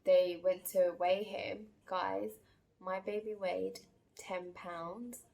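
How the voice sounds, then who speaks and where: A woman's voice: medium pitch, fairly even intonation, slow pace, vocal fry, darkish tone. A woman telling a personal story in a casual, chatty vlog, full of fillers and acted-out quotes. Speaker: vlogger.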